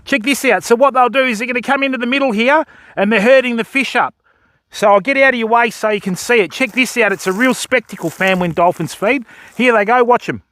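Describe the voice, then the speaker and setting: An excitable Australian man commentates a live stream outdoors by a river, talking straight to his viewers as fam and mate. His voice sits high for a man. The sound is dry and close, with no room around it. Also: brisk, no room sound. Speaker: fishing livestreamer.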